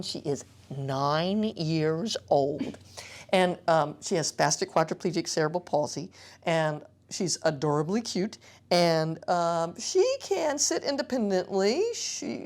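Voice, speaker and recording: A woman's voice: on the low side, darkish tone. A woman pediatric physical therapist explaining an exercise and playfully coaxing a young child. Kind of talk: instructional demonstration.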